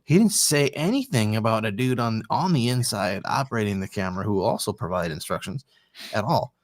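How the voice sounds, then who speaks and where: A man's voice: lowish voice, lively intonation, a little fast, no room sound. A married man co-hosting a casual podcast chat, telling stories animatedly and swearing casually. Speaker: podcast co-host.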